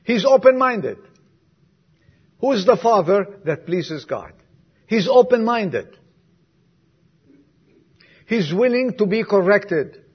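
Male pastor preaching slow, kinda husky and a bit high, dull lo-fi recording. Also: sing-song. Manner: emphatic preaching with sudden drops to soft, quiet asides; asks the congregation questions. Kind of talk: sermon.

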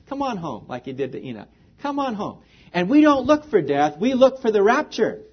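A man with a notably high voice preaches a sermon, leaning on earnest rhetorical questions to his listeners. The recording is muffled and lo-fi, with a dull top end. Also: gravelly, breathy edge. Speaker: pastor.

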